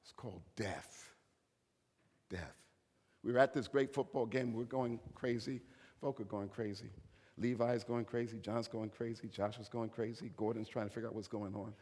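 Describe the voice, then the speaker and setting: A man preaching a sermon as a bishop, telling a story and swinging between hushed whispers and loud, emphatic preaching. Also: medium pitch, fairly even intonation, a little fast, husky, big-room sound.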